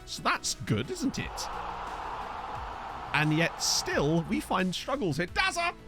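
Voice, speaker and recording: Lively, jokey male streamer. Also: high voice, takes it slowly, music in the background. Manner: rambling, jokey, reads out chat messages. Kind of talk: casual live-stream chat over gameplay. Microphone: desk microphone.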